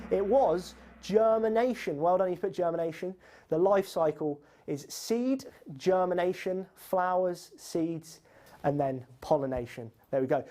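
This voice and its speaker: A host runs a live online quiz, teasing players and cheering on the leaders. The voice is mellow and relaxed, with an easy, even pitch. A little music plays faintly underneath. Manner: chatty, teasing, upbeat.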